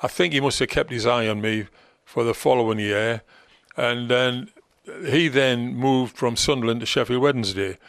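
A man's voice: medium pitch, normal speed, fairly bright tone, no room sound. An older man from England, telling stories in a chatty, teasing way as an interview guest. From Gateshead, North East England. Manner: chatty storyteller, teasing, quotes others in their own voice. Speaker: interview guest, former football manager. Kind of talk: reminiscing interview talk.

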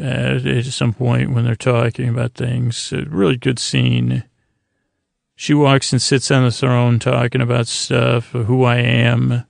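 A man casually recapping a TV episode as a podcast host, rambling and halting with many fillers. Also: mid-range voice, creaky, dry recording, clean studio sound.

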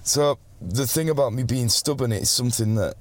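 A man's voice: mid-range voice, moderate pace, no room sound. A young man, chatting casually as an interview guest, telling stories and swearing freely. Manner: animated storyteller, swears freely, acts out quotes loudly. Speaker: pop singer, guest. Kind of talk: casual chat.

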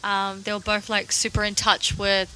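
A woman's voice: medium pitch, completely flat delivery, normal speed, pushed and bright, a little hiss or hum, poor audio. A young woman co-hosting a casual podcast chat, easygoing and full of fillers. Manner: easygoing, filler-heavy, laughs often. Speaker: podcast co-host.

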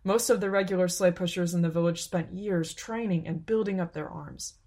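Woman reading a storybook aloud, lowish voice, calm and steady. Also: normal speed. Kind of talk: scripted narration.

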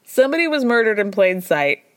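A woman's voice: mid-range voice, big pitch swings, fairly quick, lightly acted. A woman impersonating a male TV host with an attempted Scottish accent, making a solemn, theatrical announcement.

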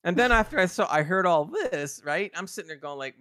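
Excitable man retelling scenes, dry mic. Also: fairly high pitch, a little fast, few pauses, dry recording. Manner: excitable, animated retelling with quoted reactions. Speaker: podcast co-host. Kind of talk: casual TV review chat.

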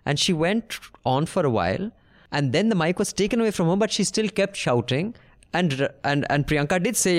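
Man, podcast co-host, casual chat, opinionated, slightly high voice. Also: lively intonation, brisk. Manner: opinionated, talks over his co-host.

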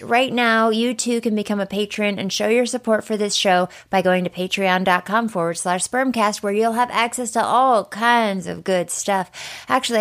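A woman in her thirties hosts a comic podcast in a mid-pitched voice. She talks in an upbeat, confiding, chatty way, sharing personal updates with her listeners. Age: 30s. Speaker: podcast host.

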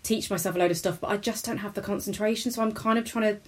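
Woman, comedian guest, rambling self-deprecating chat, mid-pitched voice. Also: steady tone, quick pace. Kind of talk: casual interview chat.

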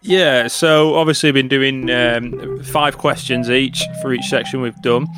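A man's voice: mid-range voice, fairly even intonation, a little slow, over music. A man co-hosting a podcast and running a quiz in a playful, upbeat way. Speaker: podcast co-host, quizmaster.

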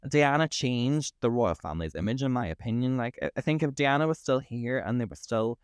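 A man's voice: mid-range voice, fairly quick, few pauses, smooth, dry recording, studio quality. A man, co-hosting a podcast and ranting in casual, sweary chat. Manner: sweary, ranting, animated storytelling. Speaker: podcast co-host.

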